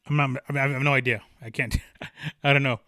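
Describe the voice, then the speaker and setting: Bright, passionate male sports podcaster. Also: mid-range voice, fairly even intonation, moderate pace, no echo, clean studio sound. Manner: passionate, emphatic, rambling with restarts. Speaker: podcast host. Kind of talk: solo sports podcast monologue.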